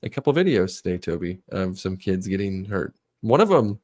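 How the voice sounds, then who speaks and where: A man's voice: deep voice, sing-song, moderate pace, darkish tone. Guy cohosting a podcast, swears a lot, acts out silly bits. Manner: joking, profane, acts out little scenes. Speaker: podcast co-host. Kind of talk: casual chat.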